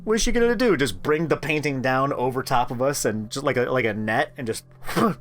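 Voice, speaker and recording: A man's voice: medium pitch, steady tone, moderate pace, fairly bright tone, soft background music. A man playing a story game, reading its text aloud and making joking asides. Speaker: gaming streamer. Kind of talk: casual let's-play reading and commentary.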